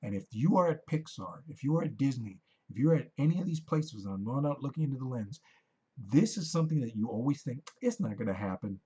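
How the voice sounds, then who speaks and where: A man's voice: medium pitch, expressive, a little fast, dark tone, breathy edge, lo-fi sound. A man ranting into the camera in a rambling, profane, heated monologue. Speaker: vlogger.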